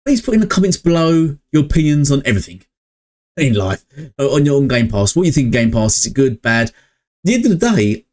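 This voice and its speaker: A man's voice: medium pitch, big pitch swings, a little fast, darkish tone. Rambling man vlogging about games. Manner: rambling and hesitant, many fillers, chuckles between points. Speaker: gaming channel vlogger. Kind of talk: casual opinion vlog. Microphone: budget mic.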